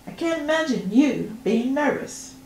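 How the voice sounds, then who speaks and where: A woman's voice: sits high, lively intonation, unhurried, darkish tone, recorded from a distance, slight background noise, pitched above the performer's own voice. A woman reading as a polite young man. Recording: roomy echo.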